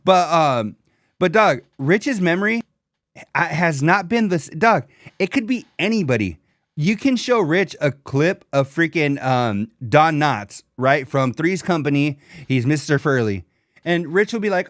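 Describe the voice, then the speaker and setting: Man, young adult, podcast co-host, lively mocking banter, slightly high voice, dry close mic. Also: unhurried, dry recording. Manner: animated, swearing, mocking impressions of others. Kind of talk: casual comedic chat.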